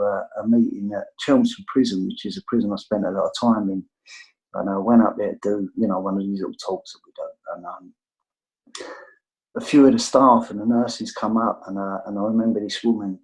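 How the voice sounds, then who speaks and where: A man's voice: fairly low pitch, darkish tone, low-quality recording. A middle-aged English man with an English accent, telling his recovery story over a video call in a rambling, candid way full of fillers. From England. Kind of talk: casual storytelling.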